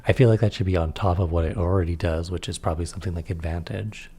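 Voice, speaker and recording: A man's voice: low-pitched, fairly even intonation, fast, dark tone, a little hiss or hum. A man reading aloud through a tabletop game rulebook and adding casual comments on the rules. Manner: reads rules aloud, then comments offhandedly.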